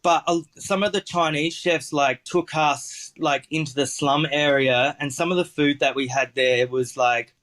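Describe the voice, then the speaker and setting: A man's voice: a little high, measured pace, hardly any pauses, a bit bright. A man with an Australian accent, a chef telling stories in a casual interview, rambling with lots of fillers and restarts.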